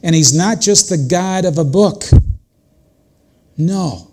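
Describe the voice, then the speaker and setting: Slow, earnest older male pastor. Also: high voice, a little mellow. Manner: earnest, conversational preaching. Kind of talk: sermon.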